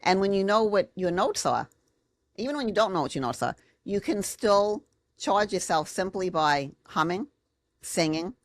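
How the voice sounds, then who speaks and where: A woman talks in an easy, conversational way as a podcast guest, a sound therapist who acts out what people said in big voices. Her pitch sits in the middle for a woman. The recording is dry, with no room echo. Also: lively intonation, moderate pace. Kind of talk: casual conversation.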